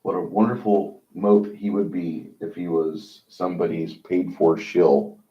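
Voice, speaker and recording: A man's voice: deep voice, little pitch movement. A man hosting a livestream, talking in a rambling, opinionated monologue with many halts. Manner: rambling, opinionated, halting with fillers. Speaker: livestream host. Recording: dull lo-fi sound.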